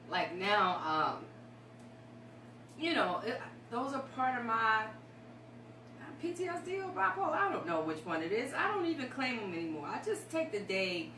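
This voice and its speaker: A woman's voice: on the high side, big pitch swings, measured pace, pushed and bright. A woman guest on a talk show, speaking candidly and emotionally about her life, a bit rambling. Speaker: guest sharing her story. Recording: echoey room, distant mic, noisy.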